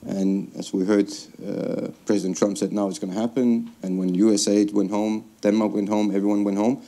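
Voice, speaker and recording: A man moderating a school talk, asking measured questions with occasional fillers. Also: lowish voice, little pitch movement, mellow.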